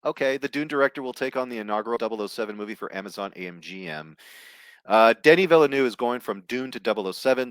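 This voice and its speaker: A man's voice: mid-range voice, a bit bright, no room sound. A man ranting on a movie news show, blunt and profane, reading headlines aloud and tossing in asides. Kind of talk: casual ranting commentary.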